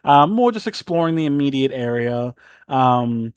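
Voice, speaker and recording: Lively-voiced man running a tabletop game. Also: medium pitch, normal speed, clear, resonant tone, no room sound, dull audio. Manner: rambling, filler-heavy. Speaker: game master.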